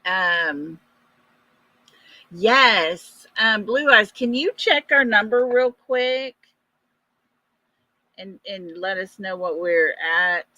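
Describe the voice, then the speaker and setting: Slow-talking woman hosting a live stream. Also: medium pitch, expressive, pushed and bright, no echo. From East Texas. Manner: chatty, greets viewers by name. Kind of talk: casual live stream chat.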